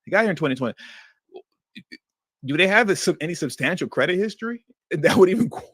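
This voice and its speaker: A man hosting a livestream, reacting to news clips with animated, indignant commentary that slips into slang. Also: high-pitched, fast talker, husky, no room sound, clean studio sound. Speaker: livestream host.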